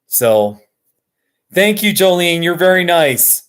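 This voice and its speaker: An American man on a live stream talks through his videos in a slow, unhurried way. His voice sits a little high, and he gets excitable as he goes, chuckling often. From Colorado, USA. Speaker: YouTuber hosting a live stream. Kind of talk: casual live-stream chat.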